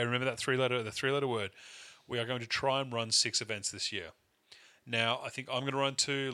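A man's voice: medium pitch, pushed and bright. A young man co-hosting a casual hobby podcast, rambling, laughing often and swearing now and then. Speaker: podcast co-host and event organiser. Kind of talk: casual chat.

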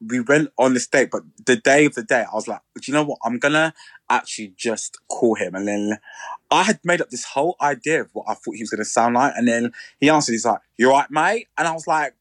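A man, co-hosting a podcast in a chatty, animated way. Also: mid-range voice, fast, no room sound. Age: 30s. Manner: chatty, animated, playful mimicry. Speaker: podcast co-host. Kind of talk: casual chat.

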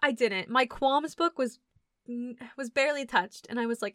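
A woman co-hosting a casual movie chat, animated and laughing, acting out scenes in quick voices. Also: high-pitched, no room sound, studio quality. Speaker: podcast co-host reviewing a movie.

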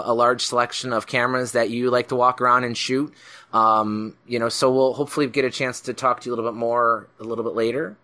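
Man, podcast host, casual chat, bright tone, mid pitch, filler-heavy. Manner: friendly, chatty, with frequent fillers and restarts.

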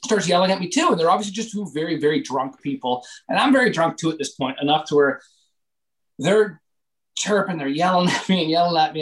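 A young man, a comedian from Canada, telling a story in casual podcast chat, animated and full of swearing and fillers. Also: fairly high pitch, slight background noise, rough recording.

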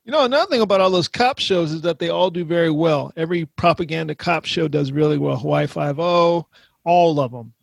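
A man in casual comedic chat, making quick joking asides and laughing often. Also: a little high, vocal fry, dry recording.

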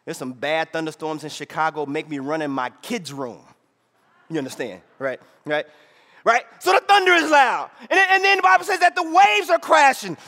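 A man preaching a sermon in a church hall, peppering it with "right?" and swinging between shouted lines and hushed asides. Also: a little high, animated, moderate pace. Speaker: pastor.

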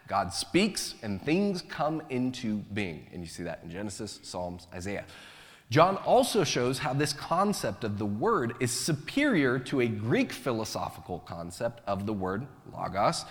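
A man's voice: medium pitch, in a large hall. A man preaching a sermon as pastor, conversational and joking in his asides.

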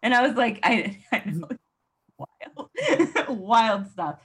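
Husky-voiced woman podcast host. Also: medium pitch, measured pace, fairly bright tone. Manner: chatty, laughs often, acts out quoted lines. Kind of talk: casual podcast discussion.

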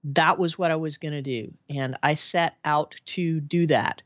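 A woman, a podcast guest telling her life story in a chatty, animated way with frequent laughs. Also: low-pitched, a little slow, no echo, dull audio. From Arkansas, USA. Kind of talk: casual storytelling interview.

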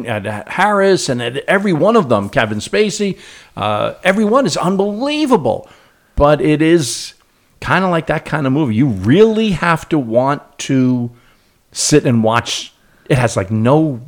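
Middle-aged male co-host, chatty and animated, lively pitch. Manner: chatty, animated, laughs often. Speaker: radio show co-host. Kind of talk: casual sports radio chat.

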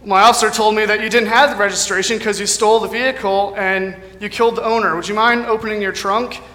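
A man's voice: sits high, steady tone, fast, sharp tone. A man with an American accent acting out a polite senior police officer in a joke, in his own voice. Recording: echoey hall reverb.

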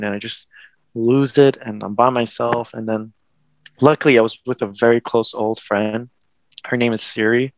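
A man's voice: mid-range voice, fairly even intonation, moderate pace, dry recording. A young man, probably in his twenties, telling a personal story in casual conversation, rambling with restarts and nervous laughs. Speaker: guest.

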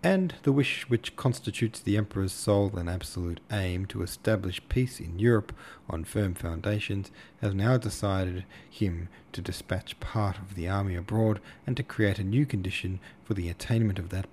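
A man voicing a stocky, pompous old hussar colonel with a German accent, speaking slowly and stressing his words. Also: low voice, darkish tone, slight background noise. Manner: slow, emphatic, over-stressing words.

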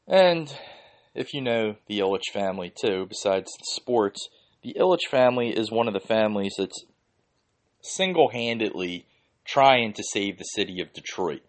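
A man's voice: on the low side, lively intonation, moderate pace. A man from Philadelphia hosting a podcast, ranting casually and heatedly with lots of swearing and "like" fillers. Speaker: podcast host.

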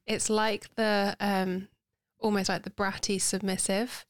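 A woman's voice: medium pitch, flat delivery, unhurried, dry recording, studio quality. A woman, co-hosting a podcast, chatty and playful, laughing often and going off on tangents. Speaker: podcast co-host. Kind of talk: casual chat.

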